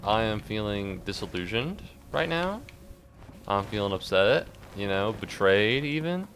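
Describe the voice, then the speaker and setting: Man, streamer, casual gaming commentary, low voice, very animated, jokey, rambling. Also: unhurried, slight background noise. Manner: rambling, jokey, breaks into high squeaky outbursts.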